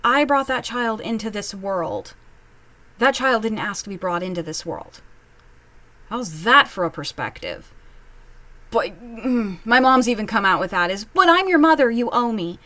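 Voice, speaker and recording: A woman giving casual reaction commentary while reading online posts at home, chatty and candid, with quick asides. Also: mid-range voice, lively intonation, pushed and bright, no echo. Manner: chatty, candid, quips and mimics others in asides. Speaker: online post reader and commentator.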